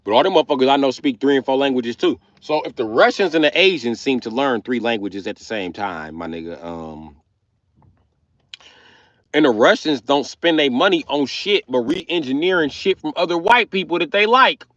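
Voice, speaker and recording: A man's voice: medium pitch, sing-song, moderate pace, fairly bright tone, no echo, highs cut off. An American man delivering a profane, brash comic rant on a livestream. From United States.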